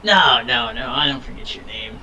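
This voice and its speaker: A man's voice: mid-range voice, expressive, moderate pace, sharp tone, slight background noise, rough recording. A man playing a tabletop game, brash and cheeky. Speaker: player. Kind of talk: casual tabletop play.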